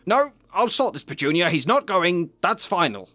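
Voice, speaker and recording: A bullish, overprotective uncle bellows and blusters in a raised, strained voice, as a man reading the story puts him on. His lines come out loud and forceful. The sound is dry and close. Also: high voice, very animated, moderate pace, no room sound, pitched above the performer's own voice, full character voice. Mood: blustering.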